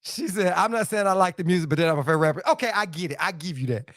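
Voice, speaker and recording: Middle-aged male stream host, high voice, dry close sound, playful and repetitive banter. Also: quick pace, few pauses, a bit bright, no room sound. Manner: playful, repeats phrases, laughs often. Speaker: livestream host reading viewer comments. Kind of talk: casual joking livestream chat.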